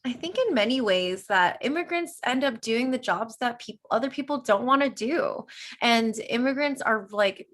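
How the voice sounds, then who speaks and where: A woman's voice: medium pitch, fairly bright tone. A woman on a panel, speaking earnestly and thoughtfully with small hesitations. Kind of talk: panel discussion.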